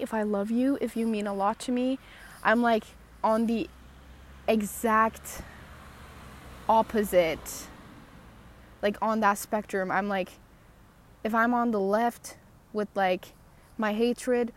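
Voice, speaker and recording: A woman's voice: medium pitch, slight background noise. Woman podcast host, walking outside and talking into a phone, chatty, sarcastic ramble, self-deprecating. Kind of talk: rambling personal podcast talk. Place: outdoors, walking at night.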